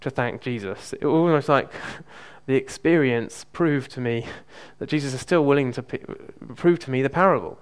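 Guy preaching, laid back and chatty, lots of ums and restarts, middle pitch. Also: normal speed, hardly any pauses, clean tone. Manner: relaxed, hesitant, frequent ums and restarts. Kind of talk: conversational sermon with personal testimony.

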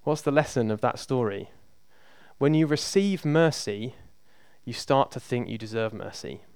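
Male preacher, conversational and emphatic; clear, resonant voice, dry close sound. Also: mid-range voice, lively intonation, unhurried, darkish tone, dry recording. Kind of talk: sermon.

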